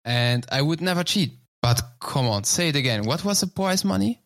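Guy co-hosting, jokey and halting, dry close mic. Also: fairly high pitch, expressive, a bit bright, no room sound. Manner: joking, halting speech. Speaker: co-host. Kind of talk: casual podcast banter.

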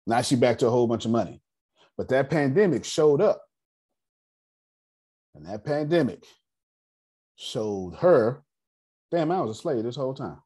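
A man's voice: mid-range voice, lively intonation, moderate pace, pauses often, warm tone, slightly rough. A man leads a group meeting on personal finance, telling stories emphatically, repeating key phrases and speaking bluntly with humor. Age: 30s. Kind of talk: animated storytelling talk to a group.

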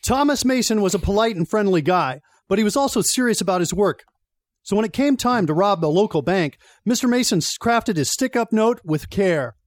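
A young man with a high voice tells a story on a radio show, lively and quick to laugh. The sound is dry and close, with no room around it. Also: no echo. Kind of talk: casual storytelling chat.

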